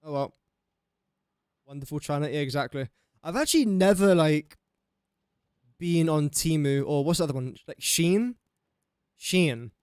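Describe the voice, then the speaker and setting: A man's voice: on the high side, darkish tone, clean tone, no room sound, clean studio sound. A young man with an English accent, chatting casually and rambling while livestreaming a building game, often laughing at his own slips. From England. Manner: rambling, self-mocking, chuckles often. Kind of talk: casual gameplay livestream chat.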